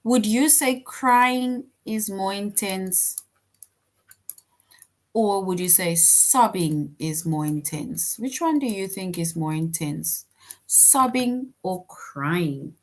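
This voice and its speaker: Female teacher, slow unhurried delivery, patient question-led explaining. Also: mid-range voice, expressive. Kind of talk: online class lesson.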